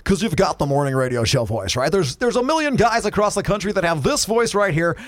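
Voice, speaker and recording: A man co-hosting a comedy podcast, talking in an animated, swearing rant and mimicking radio voices. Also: sits high, brisk, dry recording. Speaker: podcast co-host. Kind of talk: casual comedy chat.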